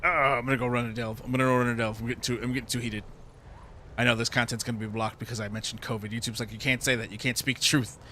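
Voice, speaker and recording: A man's voice: medium pitch, flat delivery, racing, bright, forceful tone, slight background noise. A man streaming a game, ranting heatedly with lots of swearing. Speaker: gaming streamer. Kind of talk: ranting commentary while playing a game.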